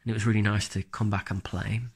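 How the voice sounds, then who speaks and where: A man from England with a Black Country accent, a band drummer chatting casually in an interview in a relaxed, rambling, plain-spoken way, speaking quietly and close to the mic. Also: on the low side, fast talker, slightly rough. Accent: Black Country English.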